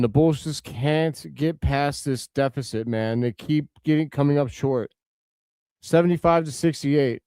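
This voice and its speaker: A man hosting a live watch-along stream, giving casual play-by-play and answering viewers' comments, with excitable outbursts over big plays. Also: mid-range voice, smooth, no room sound.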